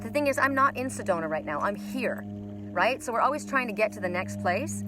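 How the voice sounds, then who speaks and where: A woman's voice: mid-range voice, animated, brisk, music in the background. A woman doing a live oracle card reading outdoors by a lake, chatty and blunt, swearing casually.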